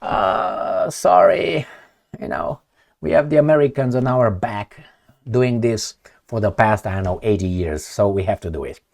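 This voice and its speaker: A man's voice: on the low side, expressive, a little slow, creaky, a little mellow, pitched below the performer's own voice. A man with a Romanian accent putting on a sheepish, meek speaker who mumbles hesitantly.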